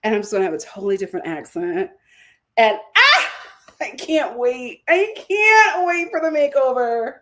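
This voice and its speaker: A woman hosting a casual livestream, reading viewer comments aloud, laughing often and bursting into loud outbursts. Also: high-pitched, very animated, normal speed, a little hiss or hum. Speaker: livestream host reading super chats.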